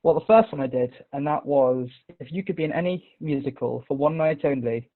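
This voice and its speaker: A man's voice: fairly high pitch, fairly quick. Enthusiastic male host on a tinny line. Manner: friendly, enthusiastic questioner. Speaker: interview show host. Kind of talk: casual interview chat. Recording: tinny phone-like video call audio.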